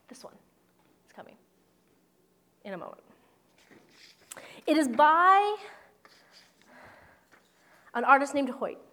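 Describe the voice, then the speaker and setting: A woman's voice: on the high side, fairly bright tone. A woman pastor preaching a sermon in an earnest, conversational way with playful asides.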